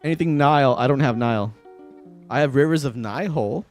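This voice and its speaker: Streaming from his home room, this young guitarist chats easily with his audience, laughing often and cursing without a second thought. His mid-range voice is slightly mellow and fairly quick, with soft music playing in the background.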